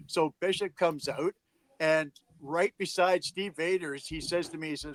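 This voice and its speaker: Emphatic man, dry higher voice. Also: fairly even intonation, a little slow, no echo, poor audio. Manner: emphatic, acts out quotes. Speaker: podcast co-host, umpire evaluator. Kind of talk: casual storytelling chat.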